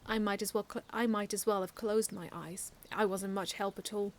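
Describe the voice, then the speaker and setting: A woman of medium pitch reads at a normal pace from a first-person fan story she wrote herself. Her delivery is earnest and expressive, with frequent restarts.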